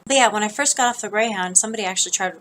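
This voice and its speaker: A woman's voice: mid-range voice, racing, fairly bright tone, a little hiss or hum, rough recording. A woman with a General American accent, from the northern United States, telling a rambling, casual story for her vlog with plenty of ums and restarts. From northern United States, near Canada. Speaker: vlogger.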